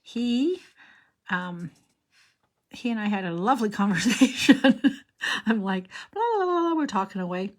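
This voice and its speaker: A woman's voice: mid-range voice, lively intonation, measured pace, long pauses. An older woman hosting a card-making tutorial, talking in a rambling, chatty way and drifting into personal stories as she works. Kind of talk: chatty crafting demonstration.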